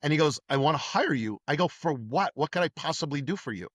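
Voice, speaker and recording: New man telling animated stories. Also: on the high side, fast, dry recording, studio quality. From New York. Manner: animated anecdotes with acted-out dialogue. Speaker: podcast guest, former police detective. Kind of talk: casual storytelling interview.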